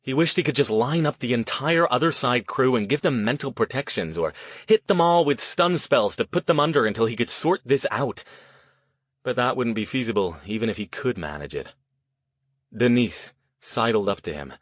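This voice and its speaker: Male audiobook narrator, measured storytelling, mid pitch, dry close sound. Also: lively intonation, no echo. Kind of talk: scripted narration.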